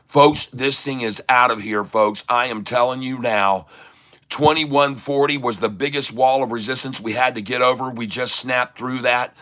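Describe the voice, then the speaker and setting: A middle-aged man giving excited live commentary while day-trading, repeating prices rapidly and breaking into rhyming chants like a hype man. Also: medium pitch.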